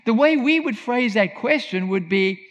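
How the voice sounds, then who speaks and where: A man's voice: extremely high pitch, lively intonation, normal speed, fairly bright tone. A man preaching a sermon in an earnest, emphatic teaching tone. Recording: long reverb of a large hall.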